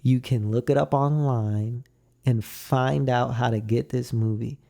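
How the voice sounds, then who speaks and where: A man's voice: mid-range voice, steady tone, measured pace, vocal fry, mellow. A young man co-hosting a podcast in casual chat, laid-back and drawn out, acting out quotes as he tells a story. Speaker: podcast co-host.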